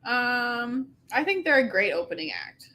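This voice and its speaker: A woman's voice: fairly high pitch, big pitch swings, a little slow, pushed and bright. A woman co-hosting a casual live stream who answers briefly and laughs often. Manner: laid-back, brief replies, laughs often. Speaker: co-host.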